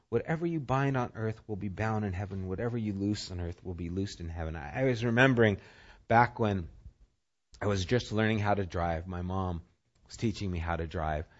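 A man preaching a sermon and telling personal stories, his voice swinging from loud and punchy to quiet and intimate. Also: on the low side, normal speed, muffled recording. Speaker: pastor.

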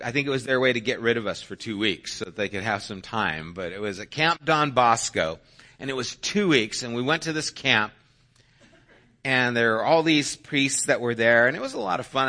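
Bright-voiced man telling a sermon story. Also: medium pitch. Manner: conversational, anecdotal, with self-deprecating humor. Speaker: pastor.

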